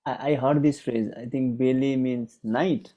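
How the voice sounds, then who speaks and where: A man's voice: mid-range voice, steady tone, unhurried, mellow, dull audio. A man in an online class, guessing an answer aloud in a hesitant way. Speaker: student.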